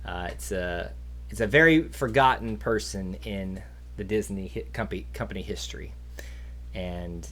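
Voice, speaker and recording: A man's voice: fairly low pitch, measured pace, a bit bright. Rambling male trivia host. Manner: rambling, goes on tangents. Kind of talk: casual live-stream chat.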